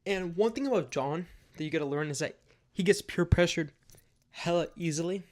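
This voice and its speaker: A young man recounts a wild night in a loose, conversational storytime. His voice sits a little on the high side, and he leans on filler words and casual swearing as he rambles forward. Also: a little fast.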